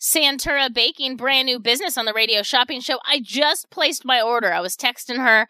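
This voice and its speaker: A woman's voice: high voice, a little fast, bright, forceful tone, dry recording. A woman hosting a local radio shopping show, chatting casually and repeating deals and prices in an upbeat sales patter.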